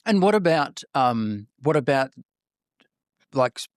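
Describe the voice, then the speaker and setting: A man's voice: medium pitch, very animated, takes it slowly, no room sound. Hesitant male podcast host, dry sound. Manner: hesitant, soft-spoken, many restarts and murmured agreement. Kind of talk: casual interview chat.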